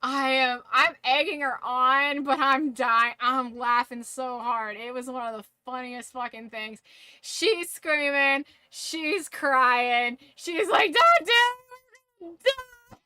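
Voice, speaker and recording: A woman's voice: sits high, steady tone, slow, pushed and bright, clean tone, dry recording. A woman streamer telling a story in casual talk to her live stream. She giggles often, swears freely and fills her talk with "like".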